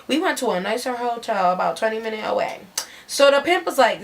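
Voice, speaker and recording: A woman's voice: on the high side, brisk, vocal fry. A woman giving a dramatic, slangy and profane reading of a wild story. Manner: animated, slangy, swearing narration.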